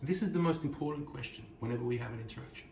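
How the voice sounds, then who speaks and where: Talking rapid-fire with vocal fry and a darkish, medium-pitched tone, a man hosts a reflective Torah teaching. He reads verses in Hebrew from a scripture passage and explains them in earnest. Recorded in a kitchen with echo, a distant mic and a little hiss or hum.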